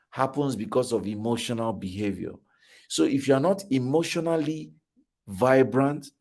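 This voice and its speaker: A man's voice: mid-range voice, a little mellow. Emphatic Nigerian man preaching to fathers. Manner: emphatic, repeats key phrases like a preacher. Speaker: conference speaker to fathers. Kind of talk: motivational talk.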